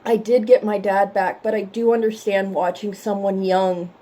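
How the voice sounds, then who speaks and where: A woman's voice: medium pitch, little pitch movement, moderate pace. A woman hosting a reaction vlog, talking casually and emotionally, teary from crying and apologizing for it. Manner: emotional and tearful, apologetic, warmly chatty. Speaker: reaction channel host.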